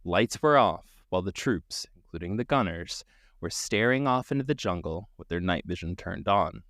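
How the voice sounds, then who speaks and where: A man's voice: deep voice, animated, moderate pace, a bit bright, no room sound, studio quality. A man hosting a podcast, telling a story dramatically, swearing casually and laughing often.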